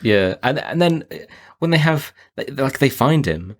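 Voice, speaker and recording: A man co-hosting a podcast and talking through a film in casual chat, rambling and animated, with plenty of filler words. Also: medium pitch, normal speed. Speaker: podcast co-host.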